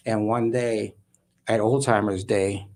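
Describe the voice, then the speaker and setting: A man guest on a talk show, telling a story in a lively way and acting out other people's voices. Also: fairly low pitch, takes it slowly.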